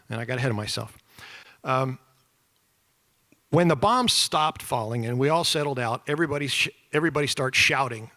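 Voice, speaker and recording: A middle-aged man telling his story to an audience, animated and self-deprecating, acting out shouted quotes. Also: mid-range voice, moderate pace. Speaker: former POW giving a talk. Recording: reverberant hall.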